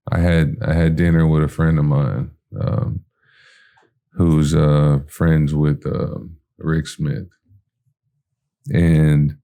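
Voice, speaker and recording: A man's voice: extremely low pitch, gravelly. A man from telling a personal story in a casual way, acting out the lines of the people in it and using lots of fillers. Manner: animated storyteller who acts out his own and others' lines with fillers.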